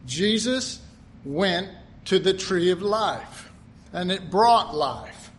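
A man's voice: high voice, animated, a little hiss or hum. An older man preaching a conversational sermon, folksy, stretching out his emphatic phrases and acting out what people say. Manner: folksy, acts out quotes, drawn-out emphatic phrases.

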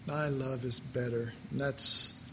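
A male preacher giving a sermon, slow and emotional, drawing out his words as he is moved to his core. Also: medium pitch, steady tone, pushed and bright, a little hiss or hum. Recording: reverberant hall, faint ambience.

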